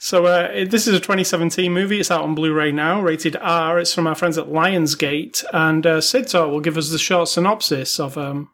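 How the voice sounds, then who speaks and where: A man's voice: on the high side, fairly even intonation, normal speed, few pauses, fairly bright tone. A man co-hosting a weekly movie podcast, chatting casually with many fillers and restarts. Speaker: podcast co-host. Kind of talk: casual movie review chat.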